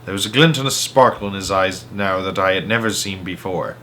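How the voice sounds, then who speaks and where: A man reading a children's book aloud as a storyteller, at a steady, expressive pace. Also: low-pitched, fairly quick, hardly any pauses, slight background noise.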